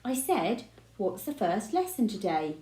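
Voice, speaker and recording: A woman's voice: mid-range voice, sing-song, unhurried, mellow. A woman voicing a curious new schoolgirl. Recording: roomy echo.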